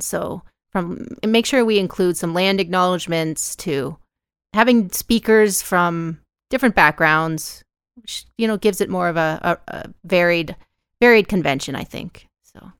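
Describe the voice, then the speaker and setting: A woman's voice: fairly low pitch, clean tone, dry recording, clean studio sound. A woman co-hosting a podcast, chatty and laughing easily. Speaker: podcast co-host and panel moderator. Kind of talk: casual recap chat.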